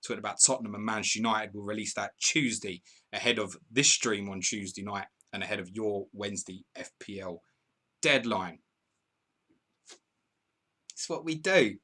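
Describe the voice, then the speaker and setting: Here the same kind of host is at it again, a man streaming football live who reads out and jokes about viewer comments between match updates. He talks briskly with fairly even intonation, and his somewhat low voice still lands bright and forceful. Frequent laughter keeps the conversation relaxed.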